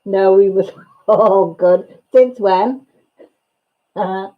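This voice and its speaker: A woman's voice: medium pitch, drawn-out words, dull audio. A woman hosting a livestream, chatting casually and gossipily with viewers and laughing often. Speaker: livestream host. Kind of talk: casual chat with live viewers.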